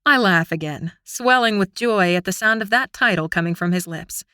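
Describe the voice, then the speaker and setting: A woman narrating a fantasy audiobook in the first person, with an expressive, intimate storytelling manner. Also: medium pitch, normal speed, smooth, dry recording, clean studio sound.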